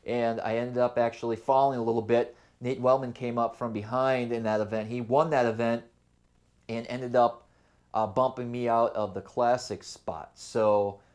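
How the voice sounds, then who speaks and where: A young adult man hosting his own fishing channel, telling his tournament story in a loose, rambling way. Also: mid-range voice. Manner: rambling, relaxed storytelling with fillers. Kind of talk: casual vlog talk to camera.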